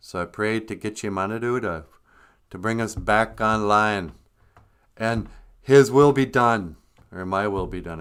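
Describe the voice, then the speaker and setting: A male host of a livestream who chats in a casual, rambling way and pokes fun at himself. His speech moves up and down in a lively way, with plenty of fillers. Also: on the low side, clear, resonant tone. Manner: rambling, self-deprecating, full of fillers. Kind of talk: casual comedic chat.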